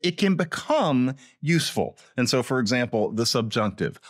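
A man speaking as a linguist guest in a podcast interview, explaining in an animated way with big pitch swings. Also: normal speed, no echo, studio quality.

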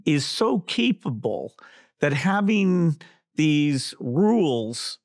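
A man hosting a podcast interview, talking in a thoughtful, halting way with restarts and filler words. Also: fairly high pitch, very animated, no echo, clean studio sound. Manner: thoughtful and halting, full of "you know" and restarts. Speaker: podcast host.

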